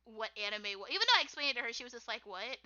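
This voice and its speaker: A woman's voice: fairly high pitch, very animated, very fast, bright, forceful tone. A young American woman chatting casually while drawing on a stream, rambling and giggling with lots of fillers. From United States. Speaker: artist streamer. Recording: dull lo-fi stream audio.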